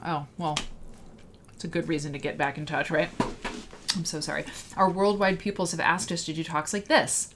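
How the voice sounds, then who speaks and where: A woman hosting a casual livestream, rambling and excitable as she chats and reads out viewer comments. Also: fairly low pitch, brisk. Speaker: livestream host.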